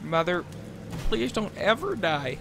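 A woman's voice: lowish voice, sing-song, slow pace, background noise, pitched below the performer's own voice, exaggerated voice. A woman voicing a whiny, clingy grown son who pleads with his mother in a survival game.

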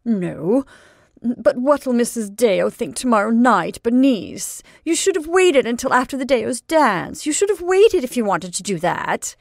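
A woman voicing a fussy middle-aged aunt who scolds loudly and reproachfully. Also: fairly high pitch, big pitch swings, unhurried, vocal fry, no room sound, clean studio sound, pitched above the performer's own voice, full character voice. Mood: scandalized. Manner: exclaiming, loud and reproachful.

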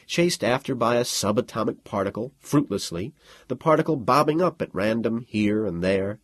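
A man narrating an audiobook in an expressive, lively storytelling manner. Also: fairly low pitch, breathy edge, no echo. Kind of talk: scripted narration.

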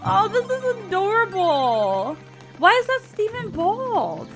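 A woman's voice: extremely high pitch, very animated, takes it slowly, faint music behind. A woman hosting a casual reaction video, exclaiming, laughing and talking back to the screen. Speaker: host reacting to a cartoon. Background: faint cartoon audio underneath.

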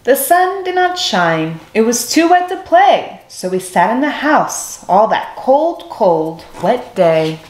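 A woman reading a children's picture book aloud, with expressive, animated delivery. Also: on the high side, takes it slowly, hardly any pauses. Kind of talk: read-aloud storytelling. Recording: echoey room, soft music behind.

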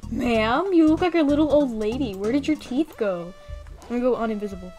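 A young woman giving casual, playful commentary as she plays a game, excitable and full of gasps and mock panic. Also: fairly high pitch, brisk, faint music behind. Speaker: gaming video creator.

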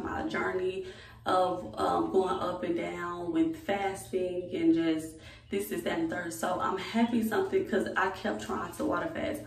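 Young woman vlogger, casual and chatty, gravelly, recorded off-mic in a roomy space. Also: fairly low pitch. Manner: chatty, talks straight to followers as "y'all". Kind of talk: casual vlog talk to camera. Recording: echoey room, voice a bit far from mic.

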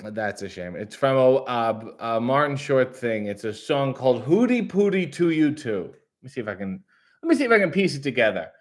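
A man's voice: mid-range voice, very animated, moderate pace. A man hosting a casual livestream who reads out viewer comments in a jokey, sarcastic, rambling way. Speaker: livestream host reading chat. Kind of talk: casual live chat.

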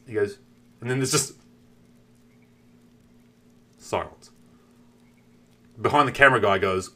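A young man with a New Zealand accent, telling a story on a game stream in a profane, animated way. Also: medium pitch, moderate pace, long pauses. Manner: animated, profane, acts out the characters.

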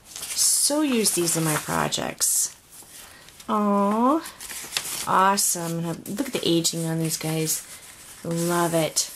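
Woman, gushing and excited, slow drawn-out speech, crinkling paper and background noise. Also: lowish voice. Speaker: crafter opening a swap package. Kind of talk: unboxing vlog.

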